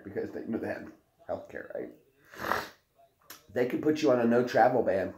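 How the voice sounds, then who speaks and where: A man's voice: lowish voice, moderate pace, long pauses, warm tone. Coughing man in echoey room. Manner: rambling, coughs often. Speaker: co-host. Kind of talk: casual livestream chat.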